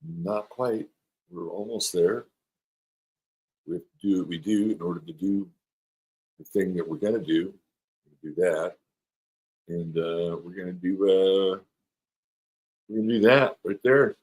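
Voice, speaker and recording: A man's voice: low voice, measured pace, pauses often, a little mellow, rough recording. A middle-aged man hosting an astrology live stream, chatting playfully and rambling as he reads viewer comments aloud. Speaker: astrologer host.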